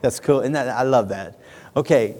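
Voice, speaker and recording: A man preaching a lively sermon in a church, animated, shouting at times as he acts things out. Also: mid-range voice, normal speed, slight background noise. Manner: animated, shouts when acting out a fan. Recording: church hall with long reverb.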